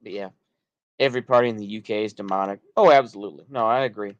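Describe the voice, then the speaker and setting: A man's voice: lowish voice, quick pace, no echo, highs cut off. Rambling Texan man, slightly drunk-sounding. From United States. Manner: loose, rambling, restarts and trails off. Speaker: streamer. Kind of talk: rambling livestream talk reacting to chat.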